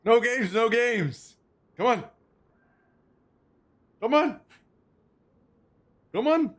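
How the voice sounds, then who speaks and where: A man voicing his eager pet dog begging for a fry, in a high singsong pleading voice. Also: expressive, extremely slow, full character voice.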